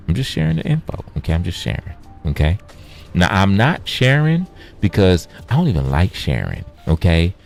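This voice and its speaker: A man giving casual gameplay commentary in an animated, joking and profane way. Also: low-pitched. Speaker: gaming vlogger.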